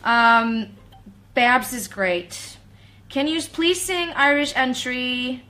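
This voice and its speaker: A woman in her forties, a native Icelandic speaker talking in English, chatting bubbly and fast on a livestream. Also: sits high, lively intonation, bright, forceful tone. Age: 40s. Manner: bubbly, chatty, breaks into song. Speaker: guest singer on livestream. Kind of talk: casual livestream chat.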